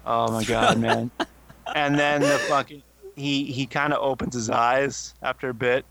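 A man's voice: mid-range voice, steady tone, a little slow, vocal fry, noisy background. A young man co-hosting a podcast, telling a rambling story full of swearing. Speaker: podcast co-host. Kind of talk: casual chat.

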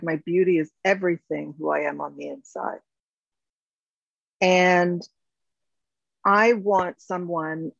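A woman's voice: fairly low pitch, vocal fry, dry recording. A woman in her fifties from the United States, a company founder talking reflectively in an interview, with many fillers and restarts. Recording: dull, slightly lo-fi sound.

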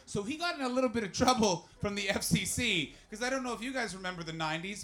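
Male comedian from Canada, live stand-up: rambling, animated storytelling with crowd work. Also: high-pitched, fast. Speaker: stand-up comedian and podcast host.

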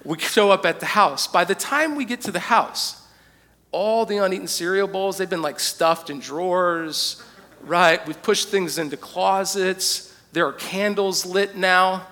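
A young adult male pastor preaching a sermon, animated and joking as he tells stories and throws questions out to the congregation. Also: high voice, unhurried. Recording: long church-hall reverb.

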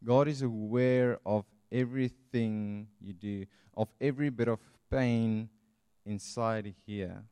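Slow, earnest man preaching. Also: fairly low pitch, steady tone, warm tone, clean tone, no room sound. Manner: earnest, pastoral, with emphatic slowed phrases. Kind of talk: sermon.

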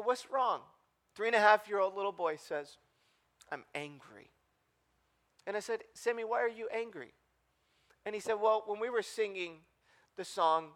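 A man's voice: high voice, fairly bright tone. A man in his thirties preaching a sermon in a church, earnest and storytelling, building to emphatic appeals. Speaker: pastor. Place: church auditorium.

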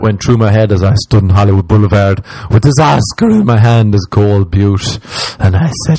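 A man with an Irish accent and a fairly low voice, talking alone into a podcast microphone. He rambles through a comic story, swears freely and mocks himself. The sound is dry and close, with no room around it. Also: normal speed, a little mellow, no echo, rough recording. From Ireland. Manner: rambling, profane and self-mocking, slipping into exaggerated voices when quoting people. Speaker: podcast host. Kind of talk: casual comedic storytelling monologue.

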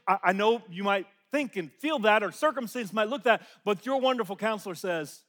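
A man with a high voice preaches to his congregation, swinging from loud, emphatic declarations down to hushed, near-whispered lines. He repeats his key phrases and has the crowd call them back to him. His voice trails off in the long reverb of a church hall. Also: expressive, fairly quick, hardly any pauses. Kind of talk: sermon.

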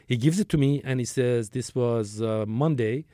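A man's voice: mid-range voice, normal speed, mellow, dry recording, clean studio sound. A man in his sixties telling a long work story as an interview guest, rambling, with restarts and acted-out dialogue. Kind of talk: conversational storytelling.

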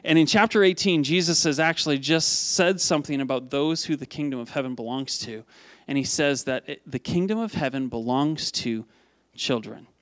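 A man delivers a sermon in a relaxed, conversational way, pitched a little higher than most men. His words often double back on themselves as he thinks aloud. He keeps checking in with the congregation, and the recording is dry and close. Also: normal speed, dry recording. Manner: lively, repeats words, asks the congregation questions. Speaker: pastor.

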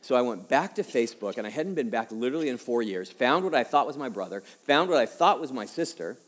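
A male pastor in his fifties preaching a personal-story sermon conversationally, dropping quiet and slow for heavy moments and rising for emphasis. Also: mid-range voice, animated. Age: 50s. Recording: long hall reverb.

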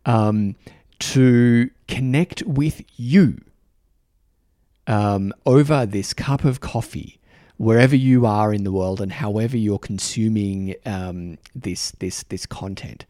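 A man with an Australian accent, hosting a podcast and talking earnestly to the camera, halting and restarting his sentences often. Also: on the low side, dark tone, dry recording, studio quality. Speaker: podcast host. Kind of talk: reflective solo talk to camera. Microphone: microphone in front of him.

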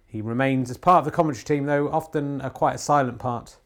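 Rambling deadpan mock sports commentator man. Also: mid-range voice. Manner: rambling, many filler pauses; deadpan ironic humour. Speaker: podcast host. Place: home TV room.

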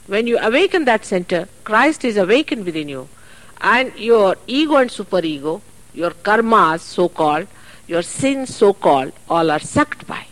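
A woman giving a spiritual talk at a public program, earnest and chatty, with asides and soft laughs, heard on an archive recording. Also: mid-range voice, poor audio. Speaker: spiritual teacher. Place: public hall.

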